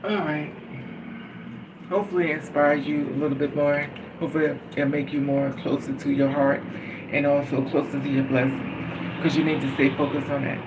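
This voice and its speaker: A man's voice: on the high side, little pitch movement, moderate pace. A man talking in a casual spiritual monologue, earnest and rambling, repeating phrases like a chant. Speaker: vlogger. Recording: noisy, from a distance.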